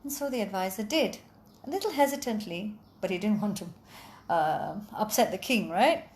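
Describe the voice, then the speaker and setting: A woman telling a folk tale aloud in an animated, expressive way, adding sound effects. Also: medium pitch, normal speed. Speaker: storyteller. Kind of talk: oral storytelling.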